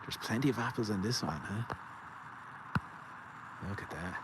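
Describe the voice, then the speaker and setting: A man's voice: fairly low pitch, animated, a little slow, very noisy. An Irish man live-streaming from a garden outdoors, rambling and joking as he reads out viewer comments. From Ireland. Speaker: livestream host. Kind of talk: casual live-stream chat.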